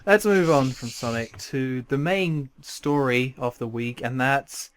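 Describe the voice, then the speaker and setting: A young man hosting a gaming podcast, chatting quickly and easily. He lays out the news in a loose way and slips in sarcastic asides. His voice sits at an ordinary middle pitch. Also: a little hiss or hum. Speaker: podcast host. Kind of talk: casual chat.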